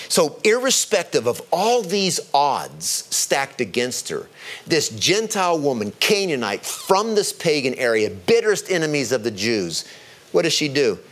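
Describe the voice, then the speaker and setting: A man preaching a sermon, stressing key words and slowing down to drive his points home. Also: fairly bright tone. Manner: emphatic, rises in pitch on key words, slows to stress points.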